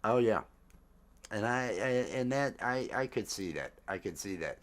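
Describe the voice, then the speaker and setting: Host in his fifties, low-ish voice, rambling and laughing. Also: lively intonation, a bit bright. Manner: rambling, halting with fillers, laughs often. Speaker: podcast host. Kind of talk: casual chat.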